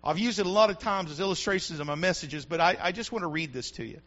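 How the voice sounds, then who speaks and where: High-voiced fervent preacher. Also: male voice, quick pace, muffled recording. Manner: preaching with rising fervor, shouting at peaks. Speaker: pastor. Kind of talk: sermon. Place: church.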